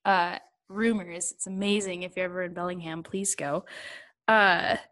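A woman's voice: fairly low pitch, fairly even intonation, normal speed, fairly bright tone, low-quality recording. A woman in casual chat, talking in a rambling way full of fillers and little laughs. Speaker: guest.

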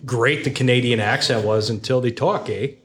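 A man's voice: mid-range voice, moderate pace, fairly bright tone. A man, a podcast guest, chatting casually and joking, often laughing as he talks. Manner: joking, laughing through his lines.

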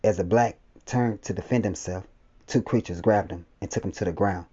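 Low, mellow male audiobook reader. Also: moderate pace, slightly rough, muffled recording. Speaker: audiobook narrator. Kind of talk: first-person story reading.

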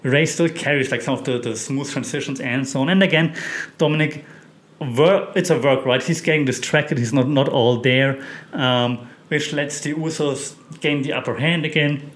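A man's voice: mid-range voice, moderate pace. A man hosting a casual wrestling recap, chatty and opinionated, with many fillers and restarts. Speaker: wrestling podcast host.

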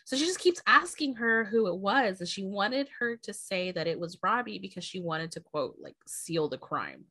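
A woman's voice: mid-range voice, sing-song, moderate pace, few pauses, pushed and bright, no echo. A woman co-hosting a book podcast, casually retelling the plot and swearing often. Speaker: podcast co-host. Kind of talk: casual book-club chat.

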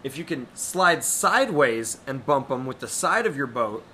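Bright-voiced laid-back young man. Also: mid-range voice, sing-song, normal speed. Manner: laid-back, swears freely, tells stories. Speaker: podcast co-host, river guide. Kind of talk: casual chat. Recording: faint room noise.

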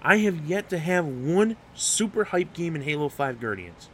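A man's voice: a little high, sing-song, moderate pace, slight background noise. A young man hosting an unscripted solo podcast, rambling and getting hyped, swearing freely and stumbling over restarts. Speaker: podcast host.

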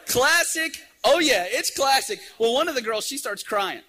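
A middle-aged man preaching a sermon, telling a lively story and acting out the scenes. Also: very high-pitched, moderate pace, a little hiss or hum. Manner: animated storyteller, acts out scenes.

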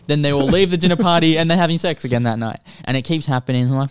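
In casual film chat on a podcast, a male co-host rattles through a movie's plot, rambling animatedly with plenty of filler words. His slightly high voice is smooth, clear, and rapid-fire, captured close and dry with no echo or room sound.

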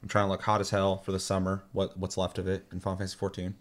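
A man's voice: sits low, completely flat delivery, very fast. A man hosting a casual gaming chat, telling rambling stories full of swearing. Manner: profane, rambling storytelling.

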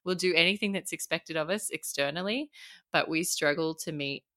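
A woman's voice: sits low, moderate pace, a bit bright. A woman with an Australian accent, a coach, explaining ideas in casual podcast chat and laughing often as she talks.

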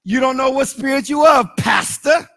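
A middle-aged man, preaching a sermon. His voice sits high and rings bright as he drops to hushed asides, then climbs into sung and shouted lines. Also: moderate pace, vocal fry. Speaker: pastor.

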